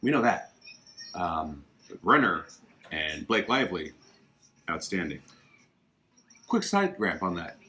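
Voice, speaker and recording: Chatty, opinionated man with a low voice. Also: very animated, takes it slowly, pauses often, pushed and bright. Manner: chatty and opinionated, emphatic asides. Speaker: podcast host. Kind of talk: casual livestream chat about films. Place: home living room.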